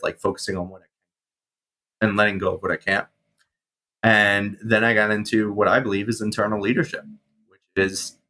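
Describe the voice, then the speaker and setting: A man in his thirties, a guest on an interview show, telling his story casually with swearing and animated reenactments of his past self. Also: lowish voice. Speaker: guest, mindset coach and firefighter.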